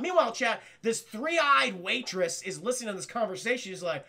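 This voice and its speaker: A man's voice: sits high, expressive, a little fast, vocal fry, few pauses, sharp tone. A man giving a casual live-stream cartoon review, rambling, swearing and acting out scenes for chat. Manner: profane, rambling, talks to chat; acts out scenes in voices.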